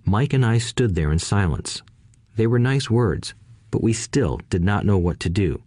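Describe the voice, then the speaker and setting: A man calmly narrating a first-person childhood story as an audiobook, in a measured storytelling manner. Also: on the low side, no echo, studio quality.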